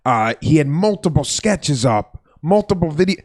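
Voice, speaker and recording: A man co-hosting a comedy podcast, enthusiastic and swearing, quick to laugh as he talks. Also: a little high, very animated. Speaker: podcast co-host. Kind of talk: casual podcast chat.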